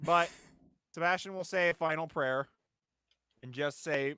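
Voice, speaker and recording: A man's voice: fairly high pitch, measured pace, pushed and bright, clear, resonant tone, no echo. A man playing in a tabletop game, joking and playful in casual chat. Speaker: player.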